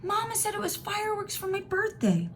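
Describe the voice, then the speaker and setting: A small, stubborn girl of five wails and chirps in a high, sing-song way, as a woman reading a storybook puts her on. Her voice jumps up in pitch and swings through a lively range. It is read aloud to students. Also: a little fast, a little hiss or hum. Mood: eager. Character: whiny five-year-old little girl, stubborn.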